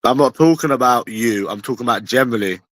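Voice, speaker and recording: A man's voice: medium pitch, fast, fairly bright tone, dry recording. Combative London man ranting to chat. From London, England. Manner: confrontational, profane, repetitive. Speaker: streamer answering chat. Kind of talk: combative livestream rant.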